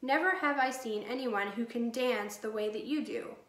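A woman reading aloud as a strong, carefree little girl, speaking calmly and matter-of-factly. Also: a little high, moderate pace, lightly acted. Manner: calm, matter-of-fact. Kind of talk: storybook reading. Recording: echoey room.

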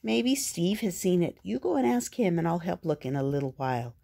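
Grandma doing a helpful kid friend, brisk and a bit husky. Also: female voice, lowish voice, big pitch swings, dark tone, heavily acted.

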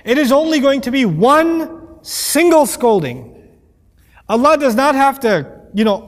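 High-voiced man teaching in a reverberant hall. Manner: conversational and joking, acts out quoted voices. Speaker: Quran teacher. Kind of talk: lecture-style Quran commentary.

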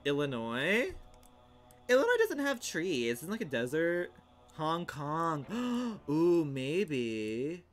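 A young man livestreaming and commenting casually on a game he is playing, in a sassy, theatrical way that swings into outraged shouts. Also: a little high, big pitch swings, takes it slowly.

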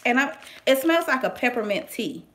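A woman, chatting casually and excitedly through a product unboxing, with playful slang and sudden whispered asides. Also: fairly high pitch, normal speed, a little hiss or hum. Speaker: vlogger reviewing products.

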